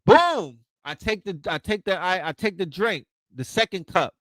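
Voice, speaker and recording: A man hosting an online lecture, telling stories in an animated, slangy, profane way, acting out quotes and restarting his sentences. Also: high voice, moderate pace, dry recording, poor audio. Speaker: lecture host. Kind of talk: casual storytelling lecture.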